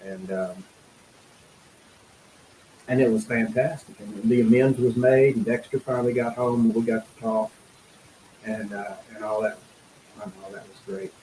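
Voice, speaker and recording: A middle-aged man speaking as a guest in an interview, telling a personal story in an earnest, halting way, full of fillers and restarts. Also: medium pitch, fairly even intonation, warm tone, reverberant, a little hiss or hum, low-quality recording.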